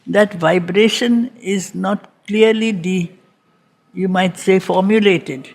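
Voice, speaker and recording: Her mid-range voice is slow, a little mellow and touched with vocal fry. She teaches a reading group through a slow spiritual lecture on a poem, repeating phrases for emphasis.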